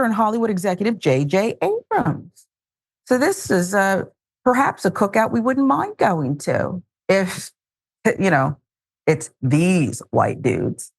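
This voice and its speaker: A woman's voice: medium pitch, creaky. A woman hosting a news commentary show, reading headlines casually with wry, joking asides.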